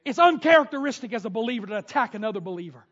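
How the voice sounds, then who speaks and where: A male pastor preaching a sermon, swinging from loud shouted bursts and whoops to quieter teaching. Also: very high-pitched, expressive, very fast. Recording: dull lo-fi sound.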